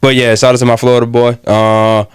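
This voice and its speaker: A man's voice: medium pitch, flat delivery, smooth, no echo, studio quality. A young man guesting on a podcast as a gaming creator, earnest and plain-spoken in casual chat. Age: young adult. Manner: earnest, plain-spoken slang, halting restarts.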